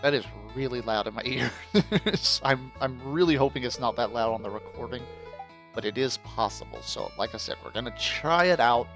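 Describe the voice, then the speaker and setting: A man's voice: mid-range voice, sing-song, moderate pace, gravelly, fairly bright tone, faint music behind. A man giving casual, joking let's play commentary, swearing freely and laughing often. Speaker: gamer.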